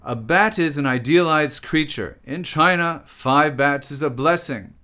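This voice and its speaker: A man's voice: on the high side, a little slow, pitched above the performer's own voice. A man voicing a lofty male philosopher who declaims, in a poem reading. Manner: declaiming, shouting.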